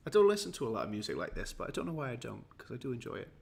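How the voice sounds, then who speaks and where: Tired and jetlagged, a Welsh man hosts a casual livestream, rambling and poking fun at himself as he chats with viewers. His mid-range voice is gravelly and sing-song, and he races along.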